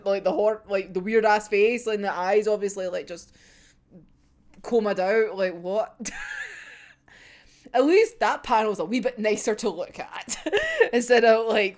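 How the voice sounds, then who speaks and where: A young woman giving a casual, giggly and sweary reaction to a manga chapter. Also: a little high. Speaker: manga reviewer.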